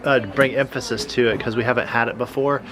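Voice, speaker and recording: A man's voice: medium pitch, steady tone, brisk, a crowd in the background. A man co-hosting a craft shop video, chiming in with upbeat additions. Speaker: shop co-host. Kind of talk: casual shop-update chat. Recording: noisy shop recording.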